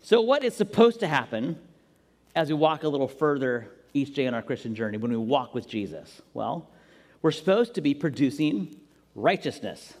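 A man preaching a sermon as pastor, animated and jokey, acting out quotes as he goes. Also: mid-range voice, moderate pace. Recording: long reverb in a large hall.

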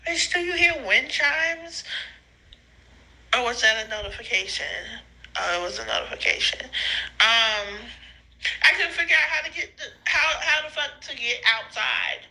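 A young woman recording rambling phone voice notes, giggly, profane and slangy, high and tearful, often breaking into laughing squeals. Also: lively intonation, normal speed, pushed and bright, low-quality recording. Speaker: podcaster sending voice notes. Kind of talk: rambling voice-note monologue. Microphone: phone voice memo.

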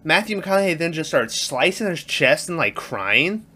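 Animated laughing man chatting movies. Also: fairly high pitch, moderate pace, slightly rough. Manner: laughing, animated, acts out lines, swears a lot. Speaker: podcast co-host. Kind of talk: casual movie chat.

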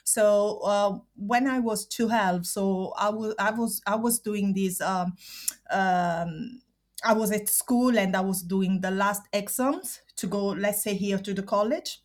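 A woman with an Italian accent, a podcast guest telling a personal story in halting, searching phrasing. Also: mid-range voice. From Italy. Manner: halting, searching for words in non-native phrasing. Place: studio sat with hosts.

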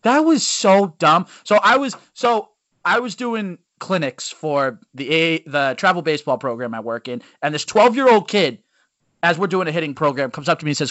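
A man, a youth baseball coach guesting on a podcast, telling stories in blunt, animated sports chat. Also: on the high side, normal speed, dry recording. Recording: dull lo-fi dry sound.

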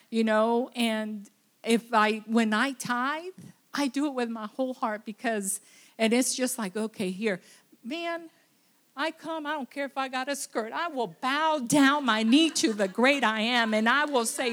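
A woman giving a tearful, halting testimony in church, full of restarts and fillers. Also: fairly high pitch. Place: church sanctuary.

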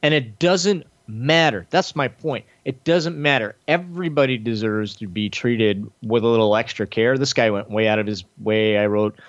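At a moderate pace with few pauses, a man hosting a podcast tells a long story in casual chat, swearing frequently. The recording is muffled with no room sound, and he acts out others' lines animatedly, jumping widely in pitch.

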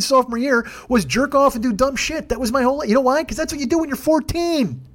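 A podcast host delivers a profane, rambling comedic rant. His voice sits high for a man, and the words tumble out at a rapid clip.

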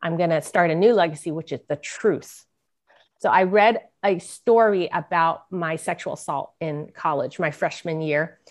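A middle-aged woman with a low voice appears as an author guest in a podcast interview, speaking at a moderate pace. She tells a personal story earnestly, acting out the voices of the people she quotes.

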